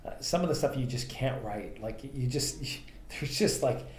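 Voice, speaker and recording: A man's voice: mid-range voice, animated, a little slow, darkish tone. A man co-hosting a podcast, telling rambling anecdotes about his transportation business with lots of fillers. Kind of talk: casual storytelling chat. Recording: echoey room with faint ambient noise.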